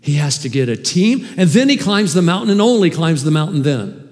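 A man preaching a sermon as pastor, animated and emphatic, with sudden swings in loudness. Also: on the high side, fairly quick, in a large hall. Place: church hall.

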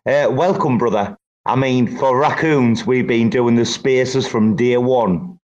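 A man's voice: medium pitch, takes it slowly, darkish tone, muffled recording. A man chatting casually, brash and joking with the others. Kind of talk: casual chat.

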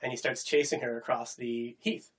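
A man retelling an old legend in a casual, animated chat. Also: mid-range voice, normal speed. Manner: animated, acts out the quotes.

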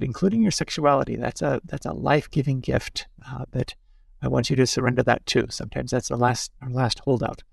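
A priest with a gravelly, textured voice speaks in a dry, close recording. He teaches reflectively and tells stories in a conversational way, tossing in little asides to his listener. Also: mid-range voice, dry recording. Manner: storytelling, with asides like "huh?". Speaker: Jesuit priest, guest.

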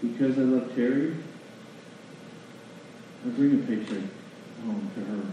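A man preaching a sermon in a church, folksy and animated, asking the congregation questions. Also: mid-range voice, a little slow, background noise. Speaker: pastor. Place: church sanctuary. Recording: distant mic in a very echoey hall, lo-fi.

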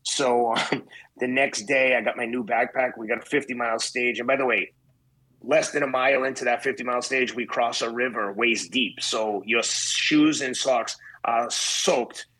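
A man in his fifties, an endurance runner, telling a story as an interview guest in a blunt, profane and animated way, acting out the dialogue. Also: mid-range voice, normal speed, slightly rough, low-quality recording. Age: 50s.

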